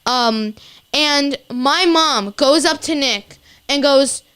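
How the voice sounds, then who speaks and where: A woman's voice: high voice, slow, a bit bright. Chatty teenage girl telling stories. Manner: chatty storyteller, lots of fillers and laughs. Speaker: co-host. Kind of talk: casual chat.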